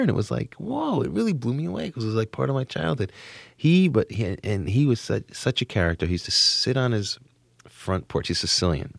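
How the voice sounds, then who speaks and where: Speaking as a guest in a casual interview, this suburban New Jersey comedian has a very deep, gravelly voice. Excitable and rambling, he stumbles into frequent restarts, recorded dry and close with no room sound.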